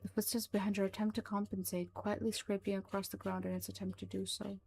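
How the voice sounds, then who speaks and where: A woman narrating a horror story in a slow, hushed, even manner. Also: medium pitch, gravelly, slight background noise.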